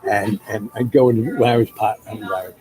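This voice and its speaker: A man's voice: fairly low pitch, fairly even intonation, moderate pace, crowd noise, poor audio. A man telling a long personal story in a loose, rambling way, full of fillers and restarts. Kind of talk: casual spoken storytelling.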